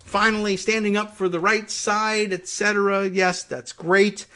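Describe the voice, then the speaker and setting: A man's voice: sits high, level tone, measured pace, pushed and bright. A man hosting a political talk podcast, delivering a sarcastic commentary monologue and reading from posts. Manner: sarcastic, mocks opponents with put-on quotes. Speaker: podcast host.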